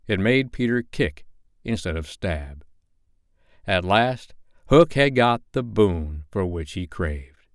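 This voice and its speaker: A male storyteller reads a bedtime story in a measured, expressive way. His voice is low and smooth. The recording is close and dry. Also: no room sound.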